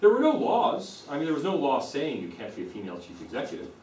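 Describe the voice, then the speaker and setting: A man's voice: medium pitch, wildly swooping pitch, fast talker, a little mellow, recorded from a distance, a little hiss or hum. American man lecturing in a roomy hall. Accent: General American. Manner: explanatory, repeats points for emphasis. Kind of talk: university lecture. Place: lecture room. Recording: roomy echo, speaker away from the mic.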